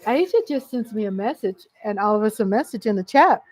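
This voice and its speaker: A woman's voice: mid-range voice, animated, a little fast, darkish tone, rough recording. A woman hosting a casual live chat, greeting viewers by name and laughing often. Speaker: livestream host.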